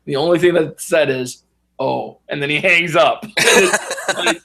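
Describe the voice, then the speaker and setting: A man's voice: a little high, moderate pace, a bit bright. A man in casual podcast chat, animatedly retelling movie scenes and acting out the characters in voices. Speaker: podcast co-host.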